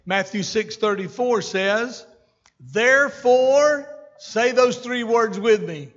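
A man's voice: sits high, slow pace. A man preaching a sermon as senior pastor in a church, folksy and conversational, with asides to his congregation. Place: church sanctuary. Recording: dull sermon recording with long hall reverb.

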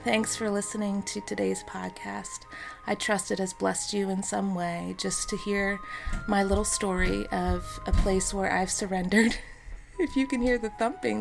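A woman in her thirties hosts an unscripted faith podcast, speaking earnestly and encouragingly with a gravelly edge to her mid-range voice. Soft fillers run through her talk, and faint music sits underneath. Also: mid-range voice. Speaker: podcast host.

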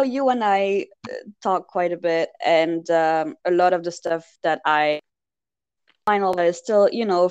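A woman's voice: on the low side, darkish tone, clear, resonant tone, dry recording. A woman from France, co-hosting a casual chat and telling rambling anecdotes full of fillers and laughs.

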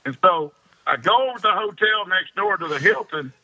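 Laughing often, a male fishing pro tells long, rambling anecdotes as an interview guest in a casual conversation. His high voice is animated, a little fast, pushed and bright, and slightly rough, captured with dull lo-fi sound.

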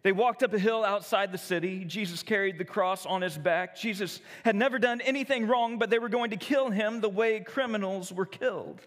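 A man narrating a children's storybook, expressive and dramatic, slowing for solemn moments, with long reverb. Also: high-pitched.

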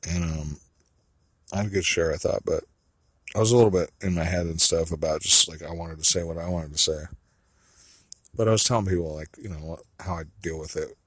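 A man with a very low, husky voice rambles through a personal monologue, swearing casually and doubting himself as he goes. The sound is close and dry. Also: no room sound. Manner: rambling, profane, second-guessing himself. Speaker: vlogger.

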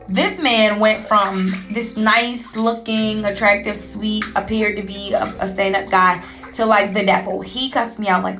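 A young adult woman hosting her own show, candidly recounting a personal story in a casual, animated way with lots of fillers. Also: medium pitch, normal speed, faint music behind. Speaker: podcast host.

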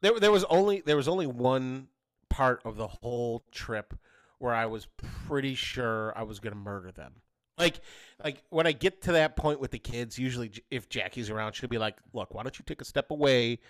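Podcast co-host, male, 30s, lively storyteller, dry close mic. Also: normal speed, dry recording. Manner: animated, jumps to high voices when quoting his kids. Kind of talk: casual storytelling chat.

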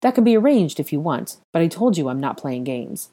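A woman's voice: low voice, big pitch swings, fairly quick, dark tone. A woman reading aloud, voicing a blunt young wizard investigator who speaks firmly and presses for answers. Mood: stern. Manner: firm, blunt and demanding.

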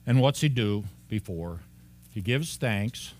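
A man preaching an expository sermon as a pastor. He talks in an animated way, laughs often and acts out the lines of the people in the story. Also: on the low side, slow.

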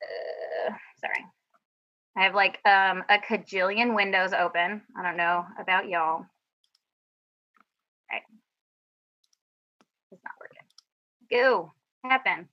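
A woman's voice: mid-range voice, very animated, slow, long pauses. Chatty band teacher woman, dull call audio. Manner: chatty, self-deprecating, upbeat. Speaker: middle school band director. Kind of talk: teacher presentation over screen share.

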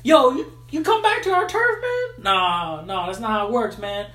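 Man doing a startled ape-man, slangy and swearing, high yelps, roomy echo. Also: lively intonation, moderate pace, bright, forceful tone, full character voice. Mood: territorial. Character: startled loud-mouthed male ape-man.

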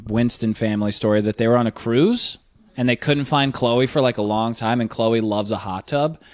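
A man's voice: mid-range voice, normal speed, a little mellow, no room sound. A young man co-hosting a comedy podcast, telling stories in a rambling, filler-heavy way. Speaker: podcast co-host. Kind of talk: casual comedic chat.

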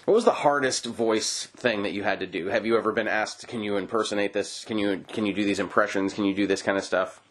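A man's voice: on the low side, steady tone, fairly quick, few pauses, a bit bright, a little hiss or hum. A man hosting a podcast interview, asking questions and cracking playful, rambling jokes. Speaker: podcast host. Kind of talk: casual interview chat.

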